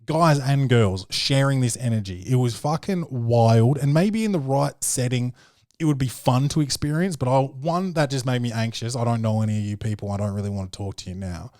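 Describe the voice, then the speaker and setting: A man's voice: medium pitch, fairly quick, a little mellow, no echo, studio quality. A man with an Australian accent hosting a podcast, telling a story in a loose, rambling way, full of fillers and swearing. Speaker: podcast host. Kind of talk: casual podcast monologue.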